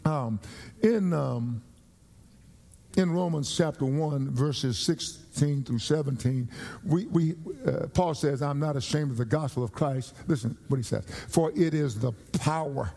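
A male pastor preaching a sermon, emphatic and repetitive, rising in pitch as he grows fervent. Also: a little slow, creaky, mellow. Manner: emphatic, repeats phrases, rises in pitch when fervent. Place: church.

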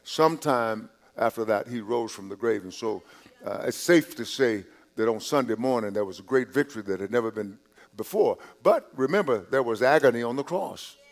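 A male pastor preaching a sermon in a conversational way, repeating and restarting words, dropping to quiet asides and rising on key points. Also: medium pitch, expressive, moderate pace. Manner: drops to quiet asides, rises on emphasis.

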